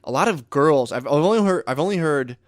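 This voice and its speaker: A man's voice: on the high side, animated, a little fast. A young man co-hosting a podcast, telling stories in laid-back chat, saying "dude" constantly and acting out what people said. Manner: laid-back storytelling, says "dude" constantly, acts out quotes. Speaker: podcast co-host. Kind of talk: casual chat.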